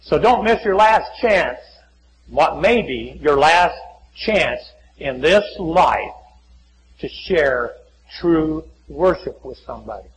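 Man, preacher, folksy sermon, acts out dialogues, goes soft often, faint hum. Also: a little high, lively intonation, slow, rough recording. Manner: folksy, acts out little dialogues, many drops to a hushed voice. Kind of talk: sermon with altar call. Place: church.

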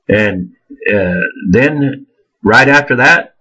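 A man's voice: medium pitch, lively intonation, slow pace, sharp tone, slightly rough, muffled recording. A man preaching a sermon, emphatic and repetitive, firing off rhetorical questions.

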